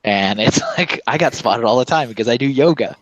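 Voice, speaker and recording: A man telling a story in casual chat, animated and acting out what people said. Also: medium pitch, brisk, no echo, dull audio. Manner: animated storytelling, acts out quotes with laughs.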